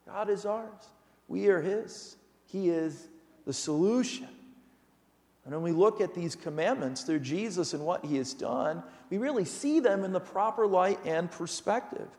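A man's voice: high-pitched, a little mellow. A man preaching a sermon as pastor, earnest and emphatic, asking his listeners pointed rhetorical questions. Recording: long hall reverb.

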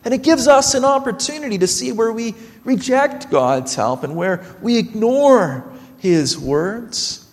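Male pastor with a very high, unhurried delivery; earnest sermon storyteller. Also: expressive, in a large hall. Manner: earnest storytelling with quoted dialogue.

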